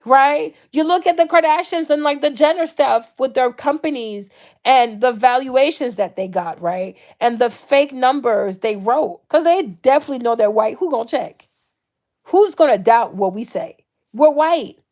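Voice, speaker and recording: A woman from the Ivory Coast talking casually to camera, animated and often dropping into mocking impressions. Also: sits high, moderate pace. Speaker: vlogger.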